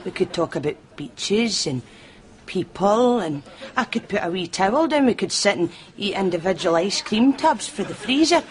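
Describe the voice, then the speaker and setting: A woman's voice: mid-range voice, lively intonation, normal speed, some chatter behind, close to an everyday voice. A woman with a Scottish accent playing a lonely, needy shop assistant who flirts with a customer, in a TV sketch. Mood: flirty. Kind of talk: television sketch comedy. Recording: studio audience laughter, background noise.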